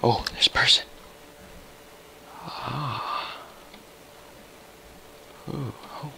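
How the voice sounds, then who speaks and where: A young man giving casual, chatty commentary while playing a video game, muttering to himself and getting excitable. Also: medium pitch, drawn-out words, vocal fry, in a whisper, rough recording. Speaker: gaming YouTuber.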